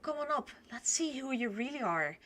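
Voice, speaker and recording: A woman reading out the gentle lines of a calm young male adventurer from a game. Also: sits high, moderate pace, slight background noise, pitched above the performer's own voice.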